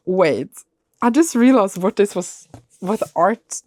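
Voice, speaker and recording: A young woman vlogging casually about her books, gushing and excitable, often breaking off mid-sentence. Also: mid-range voice, takes it slowly, no echo. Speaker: book vlogger. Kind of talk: casual reading vlog.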